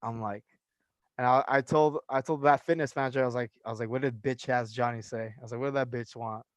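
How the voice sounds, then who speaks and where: A man's voice: medium pitch, fast talker, no echo. A young man from California, a personal trainer, telling a story in casual podcast chat with lots of fillers and swearing. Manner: animated storyteller, profane, many fillers.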